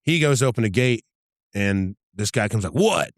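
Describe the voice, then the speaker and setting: A man's voice: on the low side, moderate pace, no room sound, clean studio sound. A middle-aged man, a podcast guest and former undercover agent, telling vivid, profane stories in casual talk and acting out what people said. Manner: vivid, profane anecdote-telling that acts out dialogue. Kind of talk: casual storytelling interview.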